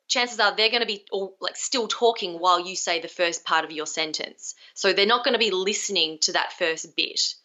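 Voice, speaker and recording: A woman's voice: mid-range voice, normal speed, bright, forceful tone, highs cut off. A young adult woman, a communication skills coach, being interviewed over a video call, talking energetically and acting out example phrases.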